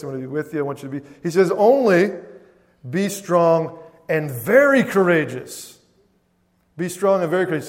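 A man's voice: fairly high pitch, a little mellow. A man preaching a sermon as pastor, often calling out "Amen?" to the congregation. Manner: preaching with frequent "Amen?" call-outs to the congregation. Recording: long hall reverb.

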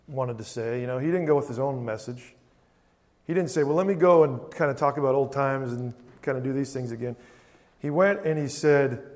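A man preaching a sermon earnestly, repeating phrases for emphasis and moving between quiet passages and loud declarations. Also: medium pitch, in a large hall.

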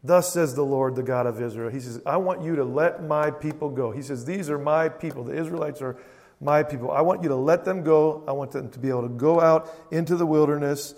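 A male preacher with a slightly higher voice delivers an earnest sermon, hammering key phrases again and again. He drops to near quiet, then rises to ringing declarations. The sound carries the long reverb of a big church hall. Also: a little fast. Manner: earnest, repetitive emphasis, swings between quiet and loud.

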